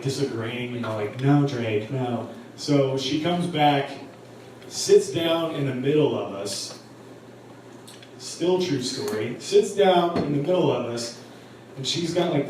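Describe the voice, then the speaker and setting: A man's voice: medium pitch, background noise. A young man doing stand-up, telling a profane, rambling story to a live crowd. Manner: crude, profane, rambling anecdote with laughs. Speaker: stand-up comedian. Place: comedy club stage. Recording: very echoey live room from a distance, crowd ambience.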